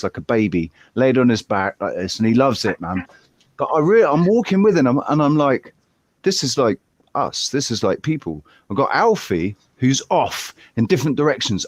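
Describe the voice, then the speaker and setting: A man rambling through a casual live chat, animated and loose, swearing here and there. He slips into little acted-out voices as he talks. His mic is close and dry. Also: mid-range voice, normal speed, no echo. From Western Australia. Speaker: channel host in live group chat.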